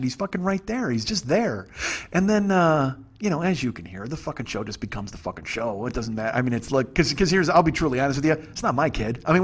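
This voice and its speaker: A man in his forties hosting a comedy podcast, telling a rambling, profane, exasperated story in a husky voice. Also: a little high. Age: 40s. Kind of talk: storytelling monologue.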